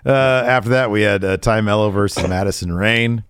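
Male co-host, very deep voice, dry close mic, loose and jokey, riffs out loud. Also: a little fast, clear, resonant tone, no room sound. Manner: loose, joking, thinks out loud with many fillers. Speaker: podcast co-host. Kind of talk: casual show review chat.

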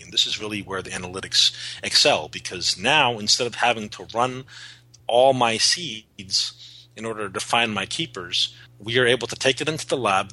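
Low husky guy, bright forceful tone, earnest, keeps restarting sentences as he explains. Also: rough recording. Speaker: guest, cannabis seed breeder. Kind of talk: podcast interview.

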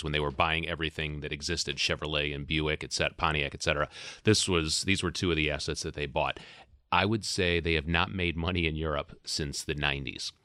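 Man, extremely low voice, bright edge, measured explainer, podcast guest. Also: clean tone, dry recording, studio quality. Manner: measured, explanatory, recounts history. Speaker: executive editor guest. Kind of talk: podcast interview.

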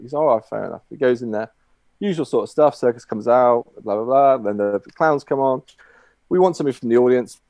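A man's voice: medium pitch, a little fast, a little mellow, dry recording. Male guest, rambling storyteller, lots of fillers, dry recording. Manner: rambling, many fillers and restarts. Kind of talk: telling a long shaggy dog joke.

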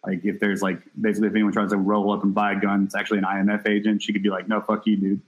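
Fast-talking low-voiced man chatting. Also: monotone, rough recording. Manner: rambling, loose and profane. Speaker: podcast co-host. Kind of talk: casual chat.

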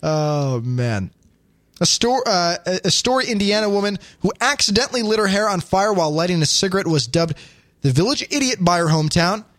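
A man's voice: high-pitched, fairly quick, no echo. A man hosting a casual comedy podcast, joking around and reading odd news stories aloud. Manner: animated, jokey, reads news items aloud. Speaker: host.

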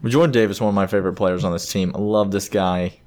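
A man in his thirties co-hosts a sports podcast with a fairly low, easygoing voice. He talks casually and animatedly, laughing often and acting out bits of dialogue in his stories. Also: fairly even intonation, fast talker, a little mellow.

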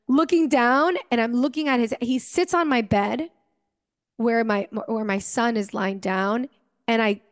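A woman's voice: fairly high pitch, long reverb tail. A young adult woman hosting a podcast, telling a personal story to her listeners in an earnest, emotional way, with many fillers. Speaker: podcast host.

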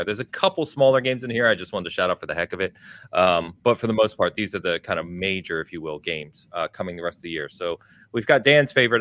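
A man's voice: low-pitched, fairly bright tone. A man hosting a casual gaming podcast, running through a list of release dates and viewer comments. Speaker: podcast host. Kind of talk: casual chat.

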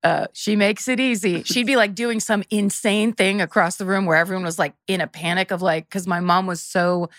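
A woman's voice: mid-range voice, fairly even intonation, moderate pace, hardly any pauses, no echo. Female co-host, self-deprecating storyteller, dead-dry booth sound. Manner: rambling, self-mocking storytelling with frequent laughs. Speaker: podcast co-host. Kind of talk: casual comedic chat.

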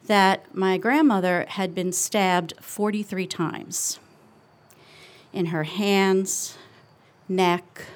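A middle-aged woman telling a personal story on stage, earnest and confessional, slowing down with reflective pauses. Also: mid-range voice. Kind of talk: live storytelling.

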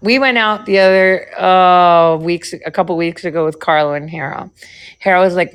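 A woman's voice: on the low side, moderate pace, smooth. A woman hosting a livestream, chatting casually and rambling between stories, swearing freely. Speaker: livestream host. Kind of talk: casual chat with a co-host.

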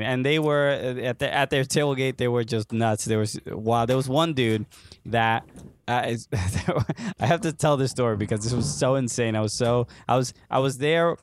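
A man's voice: mid-range voice, slight background noise. Laughing, rambling young male podcaster. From United States. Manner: rambling storyteller, frequent fillers, laughs often. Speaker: podcast co-host. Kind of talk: casual chat.

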